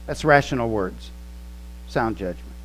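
Slow, emphatic preacher man. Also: fairly low pitch, animated, a bit bright, slight background noise, low-quality recording. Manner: slow, emphatic teaching with quoted scripture and word studies. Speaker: pastor. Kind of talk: sermon.

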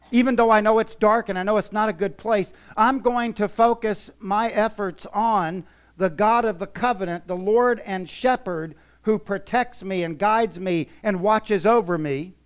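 A man preaching a sermon in a church, emphatic, swinging from soft to loud. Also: sits high, clean tone. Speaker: pastor.

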